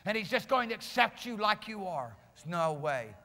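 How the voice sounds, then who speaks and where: Male pastor, fiery sermon delivery, bright high voice, long church reverb. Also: sing-song, normal speed. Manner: impassioned preaching, builds to shouting. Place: church sanctuary.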